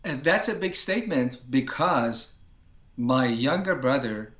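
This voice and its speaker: A man's voice: mid-range voice, expressive, unhurried, fairly bright tone, roomy sound, dull audio. A man from Iran, a ministry founder, tells his personal testimony in a talk show interview in an earnest way and acts out his prayers.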